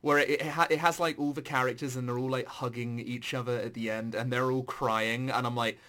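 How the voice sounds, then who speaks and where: A man in casual chat about video games, animated and swearing, his voice jumping high when excited. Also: a little fast.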